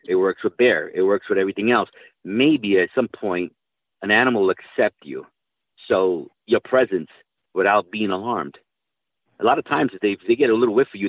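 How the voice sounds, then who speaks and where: A man's voice: lowish voice, no room sound. A man telling hunting stories in casual chat, rambling and swearing freely. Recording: dry tinny phone-like line.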